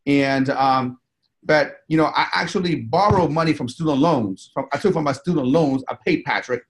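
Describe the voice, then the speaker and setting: A man's voice: fairly high pitch, normal speed. A man, a guest in an interview, telling stories in a rambling, profane way, full of fillers and restarts. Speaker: interview guest, business owner and bodybuilder. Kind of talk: casual storytelling interview.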